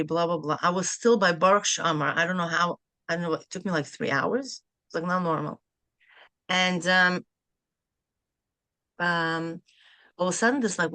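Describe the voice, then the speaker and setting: Lively laughing woman telling a story. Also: fairly low pitch, dry recording. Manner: lively, laughing, bursts of rapid speech. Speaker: class participant. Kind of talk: casual storytelling.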